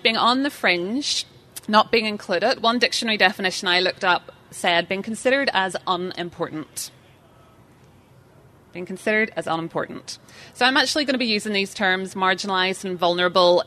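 Woman seminar speaker, bright and forceful, chatty, keeps quizzing the room. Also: mid-range voice. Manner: chatty, self-deprecating, questions the audience. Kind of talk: interactive live seminar talk.

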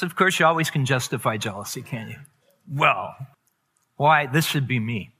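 Pastor, male, bright tone, candid confessional testimony with emphatic build. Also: fairly high pitch. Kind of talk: personal testimony sermon.

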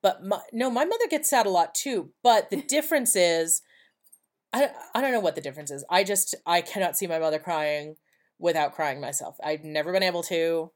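A woman's voice: lowish voice, animated, brisk. A woman co-hosting a podcast, telling a personal story in a blunt, profane, casual way and acting out the dialogue. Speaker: podcast co-host.

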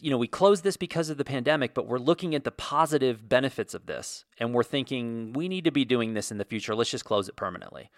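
A man's voice: mid-range voice, a bit bright, dry recording, clean studio sound. Ranting, sarcastic American man. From United States. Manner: ranting, sarcastic, with frequent fillers. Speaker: video host. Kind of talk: opinionated monologue vlog.

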